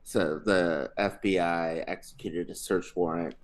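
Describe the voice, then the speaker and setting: A young man co-hosting a casual podcast, loud and hyped at the open, laughing and swearing as he chats. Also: low voice, steady tone, measured pace. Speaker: podcast co-host.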